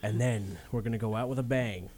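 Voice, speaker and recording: A man's voice: lowish voice, steady tone, brisk, background noise. A young man hosting a casual group podcast, joking and teasing his co-hosts. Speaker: podcast host.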